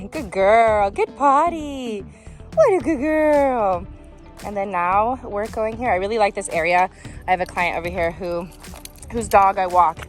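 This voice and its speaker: A young woman dog trainer talking casually into her phone outdoors while walking, breaking into high sing-song praise for her dog. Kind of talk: casual vlog narration. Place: outdoors on a quiet street and bike path. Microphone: phone held in hand while walking.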